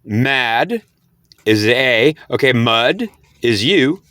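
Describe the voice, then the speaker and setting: A man's voice: medium pitch, lively intonation, drawn-out words, fairly bright tone, dry recording, studio quality. A man explaining spirit messages to camera. He repeats himself, sounds out words syllable by syllable, and breaks into incredulous outbursts. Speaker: spiritual speaker.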